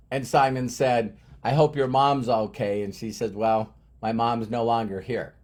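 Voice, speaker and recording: A man's voice: medium pitch, steady tone, unhurried, few pauses, darkish tone. A middle-aged man giving an emphatic motivational talk to his team, repeating key phrases for effect. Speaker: motivational speaker.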